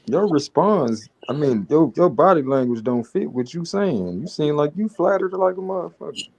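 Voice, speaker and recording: A man's voice: on the high side, lively intonation, normal speed, darkish tone. A man co-hosting a casual comedic chat, wry and incredulous, swearing freely. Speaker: co-host. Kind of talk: casual comedic reaction talk.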